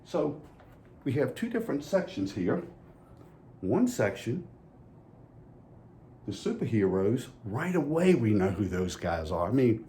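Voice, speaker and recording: Folksy man for a children's church talk; unhurried, lively pitch, playful questions. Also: a little hiss or hum. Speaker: church children's message leader. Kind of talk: children's sermon.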